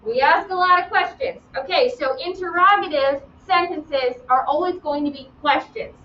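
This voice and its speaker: A woman teaching grammar in a live online class, lively and playful, calling on students by name. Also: sits high, normal speed, a little hiss or hum. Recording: roomy, distant, dull sound.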